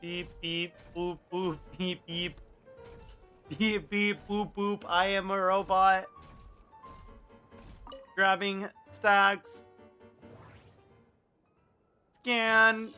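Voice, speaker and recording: Goofy robot helper, beeping, deadpan, slow, put on by a streamer. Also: mid-range voice, soft background music. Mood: goofy robotic. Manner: monotone beeping sound effects, deadpan. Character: clunky helper robot fetching books. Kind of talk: goofy improvised voice on a game stream.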